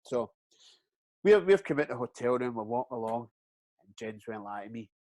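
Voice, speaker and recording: A man's voice: mid-range voice, brisk, no echo. A middle-aged Scottish man, a retired footballer, telling stories in a casual interview, swearing freely and acting out what people said. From Scotland. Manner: animated, swears freely, acts out quotes.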